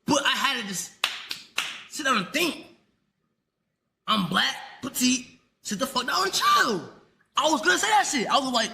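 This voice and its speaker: A man's voice: very high-pitched, very animated, normal speed, creaky, long pauses, pushed and bright, a little hiss or hum. A teenage male streamer ranting profanely and rambling on his live stream. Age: teens.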